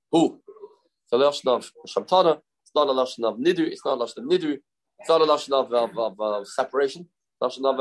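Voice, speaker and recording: Man thinking aloud through a Talmud class. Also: mid-range voice. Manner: thinking aloud, repeating phrases, mixing Hebrew terms into English. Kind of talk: informal Talmud lesson.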